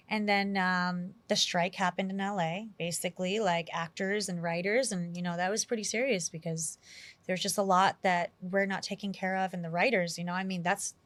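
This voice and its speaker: A woman from New York City, an actress being interviewed, telling animated stories in a chatty way with lots of acted-out quotes. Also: medium pitch, fairly quick, no room sound. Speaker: actress guest. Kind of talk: casual interview storytelling.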